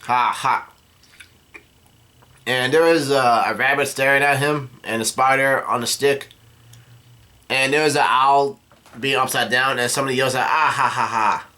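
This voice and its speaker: A man casually recapping a comic chapter, halting with many fillers and restarts. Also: mid-range voice, fairly even intonation, bright, forceful tone.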